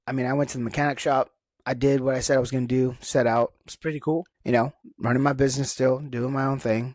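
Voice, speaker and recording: A man's voice: mid-range voice, a little mellow, no room sound, clean studio sound. A young man hosting a casual solo podcast, talking frankly and reflectively with lots of fillers and restarts. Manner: rambling, frank, self-reflective with many fillers. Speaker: podcast host.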